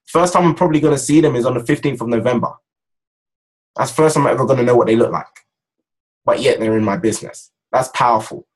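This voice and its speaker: Young male trainer, husky, mid-pitched, upbeat and repetitive, talks straight to viewers. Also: quick pace, poor audio. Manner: energetic, repetitive, speaks straight to viewers as "guys". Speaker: network marketing trainer. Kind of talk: casual motivational training talk.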